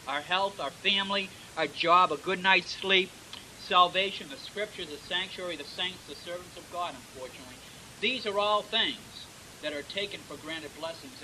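A man delivers a sermon with a bright, sharp edge to his voice and a slightly high-pitched delivery. He punctuates his points with amens and praise interjections, emphatic throughout. A faint hiss sits under the recording. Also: low-quality recording. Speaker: preacher.

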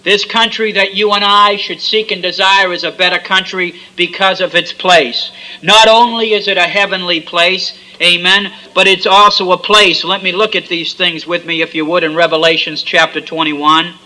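A man's voice: high-pitched, level tone, moderate pace, bright, forceful tone, rough recording. A man preaching a fervent sermon, with repeated refrains and frequent amens.

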